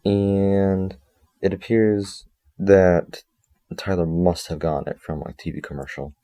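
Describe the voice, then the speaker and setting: A man's voice: sits low, flat delivery, slow pace, warm tone. A man reviewing a story in a casual, rambling way, reading passages aloud and breaking off with joking asides and self-corrections.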